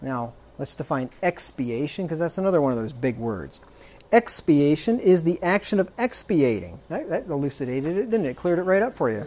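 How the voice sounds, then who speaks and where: A man's voice: fairly high pitch, big pitch swings, normal speed, a little mellow. A man preaching a sermon, emphatic, checking in with frequent rhetorical questions and dropping dry, sarcastic asides.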